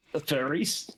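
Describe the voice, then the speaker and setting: A man's voice: fairly high pitch, breathy edge. A man, a player at a tabletop game, chatting casually and swearing freely. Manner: swears freely, rambling asides.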